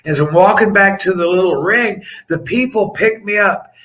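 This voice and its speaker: Middle-aged man, podcast guest, animated rambling storyteller, bright forceful tone, slightly high voice. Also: normal speed, rough recording. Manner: animated, rambling anecdotes with laughs and restarts. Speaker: podcast guest, former pro wrestler. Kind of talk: storytelling in a casual interview.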